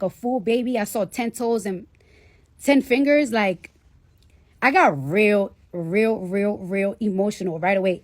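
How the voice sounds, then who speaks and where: A woman's voice: mid-range voice, dry recording, studio quality. A woman casually telling a personal story to a live audience, candid and full of swearing. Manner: candid, profanity-laden, chatty. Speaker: livestreamer.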